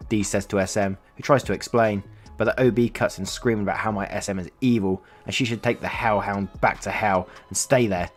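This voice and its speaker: A man reading an online story aloud, then rambling in chatty asides that keep interrupting themselves. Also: lowish voice. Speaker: story channel narrator.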